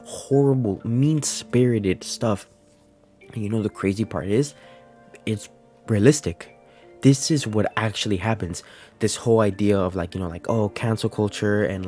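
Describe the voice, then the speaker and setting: Earnest low-voiced man reviewing anime. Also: darkish tone. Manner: earnest, emotional, filler-heavy. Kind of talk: casual video commentary.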